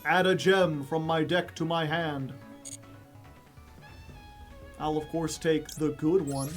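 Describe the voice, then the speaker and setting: A man's voice: a little high, fairly even intonation, takes it slowly, soft background music. A young man streaming a card game, chatting casually and rambling through joking stories with frequent laughs. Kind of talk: casual chat while playing a card game.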